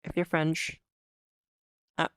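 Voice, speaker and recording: A woman's voice: takes it slowly, no echo. A woman from Europe streaming as a VTuber, chatting casually with viewers in a rambling way, laughing often and restarting her words. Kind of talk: casual chat reading viewer comments.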